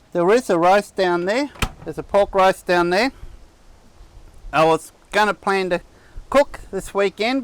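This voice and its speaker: A man's voice: sits high, clear, resonant tone, dry recording. A man hosting a camping vlog outdoors, chatting in a casual, rambling way and restarting his sentences. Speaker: camping channel host. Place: outdoor campsite on a cattle property.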